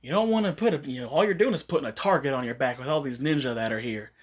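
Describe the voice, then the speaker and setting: A man voicing a smooth older teenage male ninja from a fan-made anime story. He gives advice in a relaxed, easygoing way. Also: mid-range voice, rapid-fire, natural voice. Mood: cautioning.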